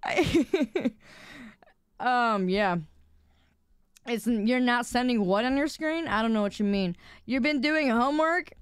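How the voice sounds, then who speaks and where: Young female streamer, smooth clear voice, self-mocking rambler. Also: a little high, slow pace, long pauses, no echo, studio quality. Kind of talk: casual live-stream chat.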